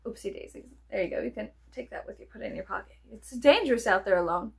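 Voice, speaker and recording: A woman's voice: medium pitch, lively intonation, quick pace, creaky, slightly rough. A young woman vlogger chatting casually to her viewers, playful and swearing often, dropping to near whispers and jumping to sudden squeals. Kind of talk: rambling casual chat to camera.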